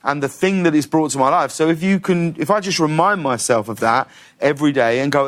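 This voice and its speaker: A middle-aged man, telling stories in a casual interview with an animated, laughing manner. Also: fairly high pitch, fairly quick. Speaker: talk show host, guest.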